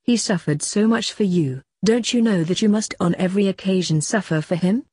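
A woman voicing a gentle, patient male guardian angel in an audiobook, speaking softly as he admonishes and consoles. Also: medium pitch, fairly quick, slightly rough, no echo, studio quality, natural voice.

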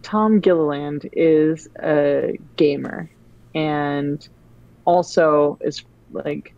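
A woman guest in a casual chat, telling stories in a rambling, animated way. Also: sits low, drawn-out words, creaky, no room sound, lo-fi sound.

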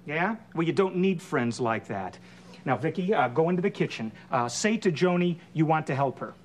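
Casting: actor as a flustered middle-aged sitcom dad, stammering, animated pitch, hissy old TV tape. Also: male voice, moderate pace, natural voice. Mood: exasperated. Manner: exasperated, stammering. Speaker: sitcom father. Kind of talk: 1980s sitcom acting.

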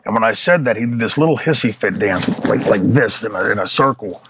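A man's voice: lowish voice, husky, low-quality recording. A man in his fifties, an interview guest, telling a story with plenty of swearing and acting out the people in it. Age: 50s. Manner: profane, animated storytelling that acts out the people in his stories.

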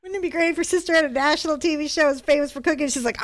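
Woman, painting instructor, chatty storyteller, fairly high voice, laughs often. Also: very fast. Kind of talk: live-stream painting lesson.

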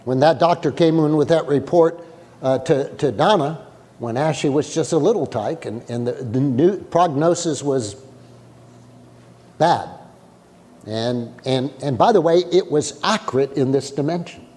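A man preaching a sermon as pastor, animated, often acting out the voices of frightened people. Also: on the high side, a little slow, husky, long reverb tail. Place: church sanctuary.

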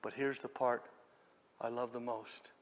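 A man preaching a sermon, telling the story dramatically and swinging from hushed lines to shouts. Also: mid-range voice, little pitch movement, measured pace, in a large hall.

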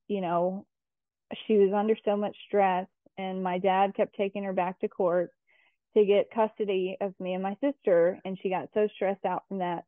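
A woman talks as a guest in a relaxed interview, rambling a little with plenty of fillers and restarts. Her voice comes through a thin, phone-like line with no room echo, and her pitch is average. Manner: chatty, lots of fillers and restarts. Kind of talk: casual conversational interview.

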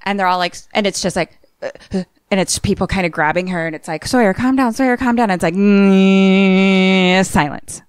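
A woman's voice: mid-range voice, little pitch movement, moderate pace, smooth, dry recording, studio quality. A woman co-hosting a podcast, casually retelling a film scene by scene and acting out the characters' lines. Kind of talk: casual chat.

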